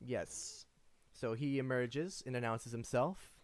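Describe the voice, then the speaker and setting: A man's voice: mid-range voice, slow pace, dry recording. A man narrating as game master of a tabletop game, describing scenes and laughing easily with his players.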